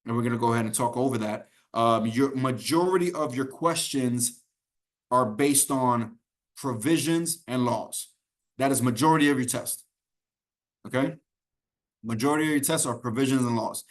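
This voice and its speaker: During a live online exam prep lesson, a man speaks at a moderate pace with a medium pitch. His style is friendly and encouraging, and he keeps repeating important points and asking "okay?" to check in.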